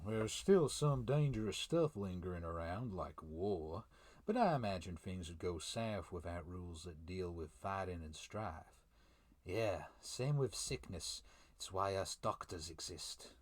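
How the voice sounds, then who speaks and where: Deep-voiced man reacting casually. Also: darkish tone, no room sound. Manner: chatty, chuckles often, reads dialogue aloud. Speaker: manga reviewer. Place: room at home. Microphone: desk mic.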